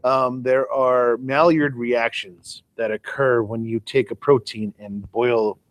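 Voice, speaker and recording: A man's voice: mid-range voice, steady tone, slow pace. Chatty man explaining brewing. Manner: explains with everyday comparisons, chatty and self-deprecating. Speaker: podcast co-host. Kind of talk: casual chat.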